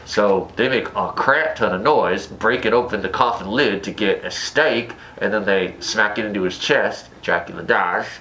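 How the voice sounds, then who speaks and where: A man's voice: lowish voice, normal speed, hardly any pauses, sharp tone, a little hiss or hum, poor audio. A man giving a comedic movie review in a playful, slangy way, full of jokey asides.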